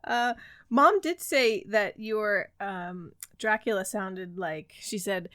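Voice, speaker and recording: A woman co-hosting a book podcast, chatty and quick to laugh. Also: medium pitch, animated, fairly bright tone, no echo, studio quality. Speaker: podcast co-host. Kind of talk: casual chat.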